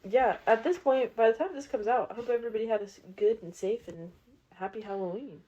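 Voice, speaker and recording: A woman's voice: on the high side, a little fast, dark tone, highs cut off. A woman co-hosting a podcast in casual chat, teasing and laughing often. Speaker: podcast co-host.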